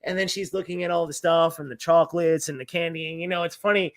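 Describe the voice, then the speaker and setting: A man hosting a livestream, telling stories in casual chat, animated and profane, acting out quoted dialogue. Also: fairly high pitch, quick pace. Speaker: livestream host.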